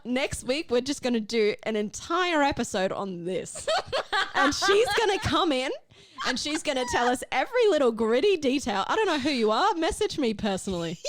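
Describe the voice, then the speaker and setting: A woman's voice: high-pitched, slight background noise. A young woman co-hosting a casual chat podcast, blunt and swearing, laughing often. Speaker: podcast co-host.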